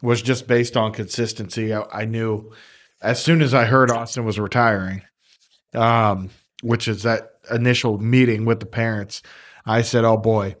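A man, an assistant coach, speaking haltingly in a casual podcast chat, with many fillers and restarts. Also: mid-range voice, fairly even intonation.

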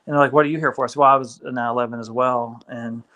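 A man, a guest on an interview show, telling his story in a casual, animated way, acting out the voices of people he quotes. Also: medium pitch, rapid-fire, muffled recording. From Kentucky.

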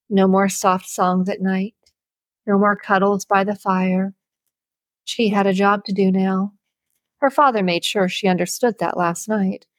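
A woman's voice: medium pitch, no room sound. Woman narrating a novel, dry close sound. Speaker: audiobook narrator. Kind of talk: scripted storybook narration.

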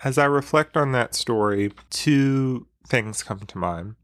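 A man who works as a counselor, speaking in a measured, earnest way and reading aloud from a book he is sharing. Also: medium pitch, a bit bright, dry recording. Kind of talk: reflective talk with book reading.

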